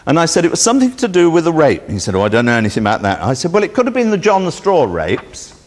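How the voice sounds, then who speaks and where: Man, slightly high voice, sardonic and indignant storyteller, reverberant hall. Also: huge pitch swings, fast. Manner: sardonic, indignant storytelling that acts out both sides of a dialogue. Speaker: speaker at a public presentation. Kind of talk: anecdotal public talk. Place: meeting hall.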